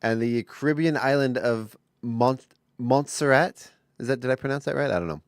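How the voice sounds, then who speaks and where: A man co-hosting a radio morning show, chatty and quick to laugh, telling stories and reading facts. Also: mid-range voice, no room sound, clean studio sound. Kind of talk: casual radio banter. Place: radio studio. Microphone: studio microphone.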